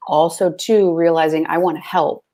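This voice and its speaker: Woman, guest, casual chat, slightly low pitch, lots of fillers. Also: fairly even intonation, normal speed, mellow. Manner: chatty, full of fillers like "like" and "you know". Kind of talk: casual conversation.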